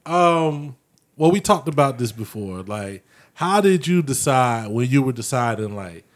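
A man's voice: mid-range voice, a little slow. A man hosting a podcast, talking casually and laying out the rules in a loose, easygoing way. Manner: relaxed, explains rules at a loose pace. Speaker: podcast host. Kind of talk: casual chat.

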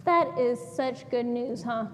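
A high-voiced woman leads a children's sermon in a church sanctuary, pausing to question the kids. She speaks slowly, and a long hall reverb trails her words with a faint hum underneath. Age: adult. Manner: animated, asks the children questions. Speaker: children's minister.

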